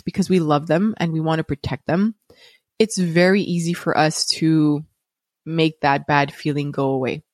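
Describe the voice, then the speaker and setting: A woman's voice: sits low, a little mellow, no room sound, clean studio sound. A woman hosting a podcast, telling a personal story in a candid, conversational way with restarts. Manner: candid and conversational, with frequent restarts and light laughs. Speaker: podcast host and parent.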